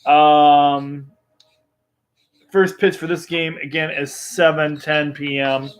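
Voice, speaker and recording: Unhurried man hosting sports picks. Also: fairly high pitch. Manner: relaxed, filler-heavy, chuckling. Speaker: host. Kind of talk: live-streamed sports picks show.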